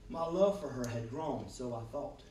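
A man preaching a sermon as pastor, calling "Amen?" to his congregation and swinging between loud bursts and quiet, low passages. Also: lively intonation, moderate pace, a little hiss or hum. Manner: preaching with frequent "Amen?" call-outs to the congregation. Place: church sanctuary with congregation. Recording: echoey room, voice from far off.

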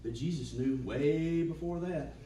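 A man, preaching a sermon as pastor, humming between lines and building to shouts. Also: on the high side, a little slow, roomy sound, recorded from a distance, a little hiss or hum, poor audio. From Georgia, US. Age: 40s. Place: church sanctuary.

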